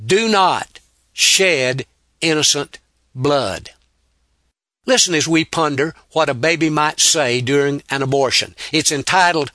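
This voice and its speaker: Slow, high-voiced man reading solemnly. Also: pushed and bright, no echo, studio quality. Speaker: radio program host.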